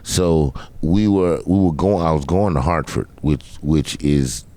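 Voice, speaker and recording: A man's voice: very deep voice, unhurried. A man guest on a comedy podcast telling a story in casual chat, laughing often and acting out the lines of the people in it. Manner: animated, laughs often, acts out quotes.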